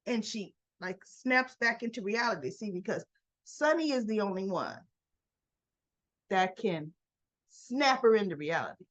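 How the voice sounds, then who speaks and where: A woman's voice: mid-range voice, lively intonation, measured pace, rough recording. A woman vlogger giving a casual recap of a soap opera episode, telling it as a story and acting out the characters' lines.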